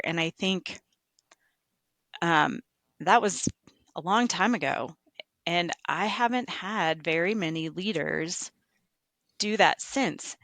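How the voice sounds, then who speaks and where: A woman who works as a construction estimator appears as a podcast guest, reflecting in a casual interview and telling animated workplace stories. Her voice is fairly low, she takes her time with long pauses, and there is no echo.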